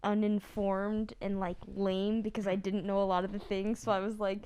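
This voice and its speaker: Chatty woman with a smooth voice. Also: medium pitch, flat delivery, moderate pace, mellow. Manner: chatty, self-conscious storytelling. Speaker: cast member. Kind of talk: casual chat.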